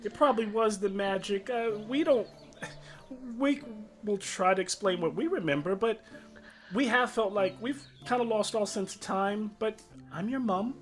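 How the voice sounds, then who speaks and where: A man putting on a shrill middle-aged mother for a tabletop game, her voice soaring high and squealing as she gushes over and over. She talks on and on in a rush, warm-hearted and overwhelming. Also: normal speed, soft background music, close to an everyday voice. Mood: gushing. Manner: squealing, gushing.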